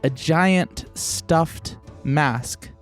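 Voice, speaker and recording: A man narrating as game master in a tabletop role-playing podcast, with slow, descriptive delivery. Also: a little high, soft background music.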